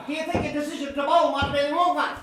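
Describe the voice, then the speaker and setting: A woman's voice: sits high, flat delivery, racing, noisy background, close to an everyday voice. A woman on stage playing a needling, mocking sports journalist. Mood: badgering. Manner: badgering and mocking. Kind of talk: stage comedy acting. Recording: echoey theatre stage from far off.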